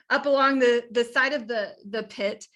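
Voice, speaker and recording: A woman health coach speaking with an energetic, folksy delivery. Her voice is high and bright, and her tone is forceful as she encourages listeners. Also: a little slow. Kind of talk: motivational talk.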